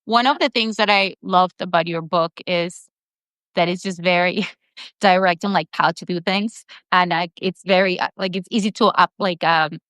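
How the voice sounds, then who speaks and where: Hesitant woman host with a low, dry voice. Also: fairly even intonation, normal speed, a bit bright, no echo. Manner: hesitant, searches for words. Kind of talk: casual interview questions.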